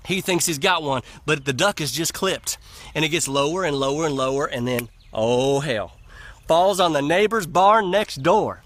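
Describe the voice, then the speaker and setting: A man telling a long comic story in a folksy, lively way. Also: on the high side, normal speed, slight background noise. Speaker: comedian storyteller.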